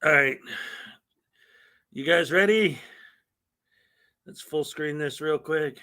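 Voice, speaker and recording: Upbeat high-voiced male streamer. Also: slow pace, pushed and bright. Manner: rambling, upbeat, reads out chat names. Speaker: livestream host. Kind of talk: casual livestream chat greeting viewers.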